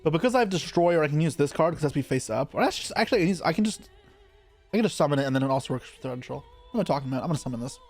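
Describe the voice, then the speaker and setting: A man giving live commentary on his card game, thinking aloud in quick, muttered asides as he plays. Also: fairly high pitch, lively intonation, soft background music.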